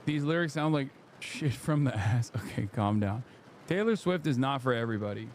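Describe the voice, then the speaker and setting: A male streamer riffing casually with sarcastic, deadpan remarks. His voice sits at a middle pitch, and a faint hiss runs beneath it. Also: moderate pace. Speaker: streamer host. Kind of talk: casual livestream commentary.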